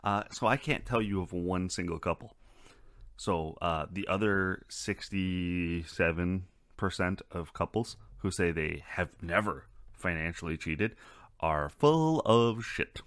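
A man's voice: low voice, steady tone, measured pace, fairly bright tone, dry recording, studio quality. A man hosting a casual solo podcast, talking in a loose, rambling and profane way. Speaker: podcast host.

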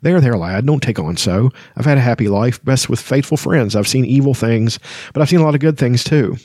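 A man voicing a gruff, fond old male dwarf near death, reading from a fantasy novel. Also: mid-range voice, fairly quick, a little mellow, dry recording, studio quality, lightly acted. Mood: tender farewell. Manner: gruff, tender.

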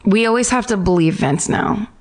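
Woman co-host, lively emphatic banter. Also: mid-range voice, normal speed. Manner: animated, emphatic, swears. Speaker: podcast co-host. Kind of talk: casual chat.

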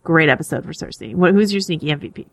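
A woman's voice: low-pitched, animated, fast, creaky, slightly rough, no room sound. A woman co-hosting a podcast, chatting casually with many fillers and frequent laughs. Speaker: podcast co-host.

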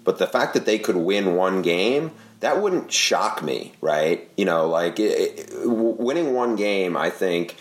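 Low-voiced man hosting, rambling casually. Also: expressive, a little slow, few pauses. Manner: rambling, self-correcting. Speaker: podcast co-host. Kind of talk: casual podcast chat.

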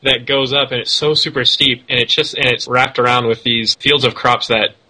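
Bright, husky-voiced man reviewing films. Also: medium pitch, normal speed, rough recording. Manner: animated, rambling critique with self-corrections. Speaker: podcast co-host. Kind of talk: casual film review chat.

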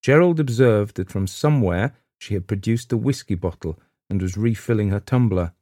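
A man narrates a supernatural story in a measured, steady reading. His voice sits very low, and the recording is dry and close, with no room sound. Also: no echo. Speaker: audiobook narrator. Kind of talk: scripted narration.

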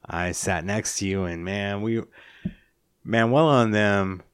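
A man's voice: on the low side, takes it slowly, clear, resonant tone, dry recording, studio quality. A man hosting a podcast, chatting casually with his guest, chuckling and prompting him with questions. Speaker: podcast host, interviewer. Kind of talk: casual interview talk.

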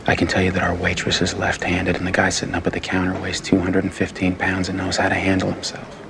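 An actor playing a calm, precise amnesiac agent in a film clip, speaking in a low, measured, intense way. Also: male voice, creaky. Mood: tense, puzzled. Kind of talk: film dialogue. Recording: film clip with traffic noise.

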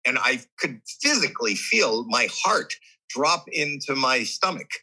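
Guy on a podcast telling a heavy personal story, husky and super bright tone, lots of restarts. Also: medium pitch, a little slow, rough recording. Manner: animated, emotional, with many restarts. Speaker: guest.

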